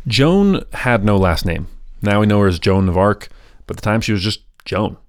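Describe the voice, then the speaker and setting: A man's voice: fairly low pitch, animated, normal speed, a little hiss or hum. A man hosting a history podcast, telling the story casually with jokey asides and restarts. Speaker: podcast host.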